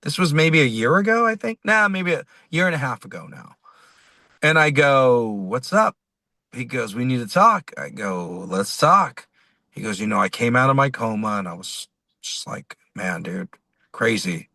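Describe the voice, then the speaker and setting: A man's voice: medium pitch, normal speed, gravelly, dry recording. A man, a musician being interviewed, telling a rambling story and acting out the dialogue as he goes. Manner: animated, rambling, acts out quoted dialogue. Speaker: musician guest.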